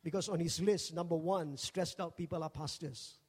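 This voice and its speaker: High-voiced male pastor, joking sermon. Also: normal speed, slightly rough, long reverb tail. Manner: jokey, animated, acts out quoted voices. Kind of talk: humorous storytelling sermon.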